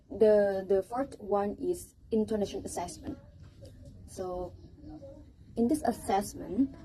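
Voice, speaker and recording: Woman, class presentation, hesitant, mellow voice, faint background noise. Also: mid-range voice, rough recording. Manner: hesitant, with fillers and restarts. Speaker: student presenting a teaching project.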